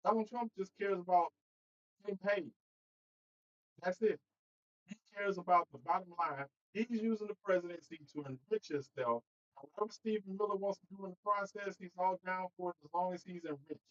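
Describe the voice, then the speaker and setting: A man hosting a casual political livestream, talking straight to his viewers in an animated way and laughing between points. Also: sits high, brisk, highs cut off. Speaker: host.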